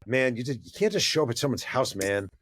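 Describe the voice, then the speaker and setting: A man's voice: medium pitch, very animated, quick pace, fairly bright tone, dry recording, clean studio sound, voice pushed up. A man putting on the voice of an irritated big male ex-athlete who answers the door bluntly and repeats himself.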